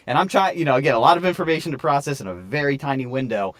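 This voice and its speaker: Animated man telling a story, dry close mic. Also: medium pitch, fast talker, hardly any pauses, no room sound. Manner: animated, swears freely, acts out quoted voices. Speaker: podcast co-host. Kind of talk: casual storytelling.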